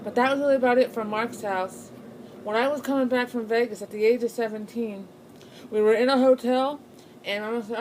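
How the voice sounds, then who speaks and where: A woman's voice: fairly high pitch, steady tone, brisk, darkish tone, a little hiss or hum, poor audio. A young woman telling a personal ghost story in a casual, rambling way, full of fillers and restarts. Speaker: channel host.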